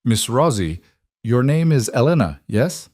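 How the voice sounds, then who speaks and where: A man voicing a commanding middle-aged mafia boss who speaks with calm, measured authority in a deep voice. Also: no room sound, clean studio sound.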